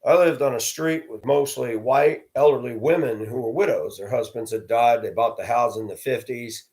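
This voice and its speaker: In a mid-range, darkish voice at a moderate pace, a middle-aged storyteller host shares personal stories. His manner is plainspoken and blunt throughout the monologue.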